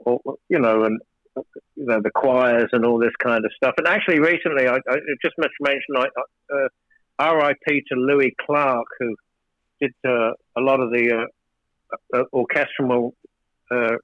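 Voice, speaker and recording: A man, a record producer, telling a long studio story in a casual interview, rambling with many fillers and restarts and growing animated and emphatic. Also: mid-range voice, dry recording, lo-fi sound.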